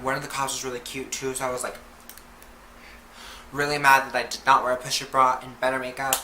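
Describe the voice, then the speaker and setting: A young woman chats through a casual storytime vlog, loose and profane, with "like" in every other phrase. Her voice is bright and forceful. The room rings with a roomy echo over faint noise. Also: rumbling low, level tone, a little fast. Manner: chatty, heavy on "like" and swearing. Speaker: vlogger.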